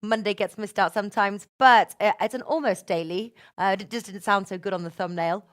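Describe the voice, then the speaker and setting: A woman hosting a betting show in casual chat, chatty and quick to laugh. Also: mid-range voice, fairly even intonation. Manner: chatty, laughs often, restarts. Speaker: host.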